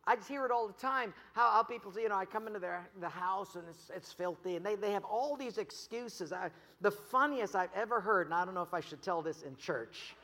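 A man preaching a sermon as pastor, animated, telling stories and putting on voices for the people he quotes. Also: sits high, fairly quick, hardly any pauses. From United States. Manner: animated storytelling with jokes and acted quotes. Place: church. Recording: long reverb of a church hall.

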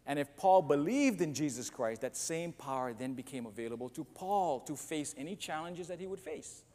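His voice runs on the high side, expressive yet dark in tone, moving at a moderate clip. Preaching as pastor, he pokes fun at himself through a humorous anecdote and performs the other people's lines, all under long church echo and light background noise.

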